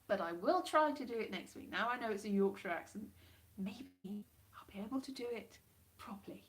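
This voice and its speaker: A woman hosting a casual livestream from home, rambling, chatty and quick to laugh at herself. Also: medium pitch, animated. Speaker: livestream host.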